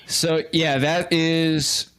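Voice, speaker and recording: A man's voice: a little high, flat delivery, extremely slow, fairly bright tone, smooth. A man narrating as game master of a tabletop game, loose and often laughing.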